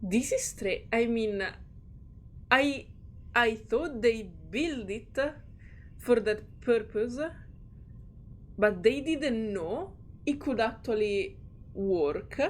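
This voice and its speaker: A woman's voice: on the high side, animated, drawn-out words, long pauses. A woman streamer reading game text aloud and reacting in a chatty, giggly way. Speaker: gaming streamer.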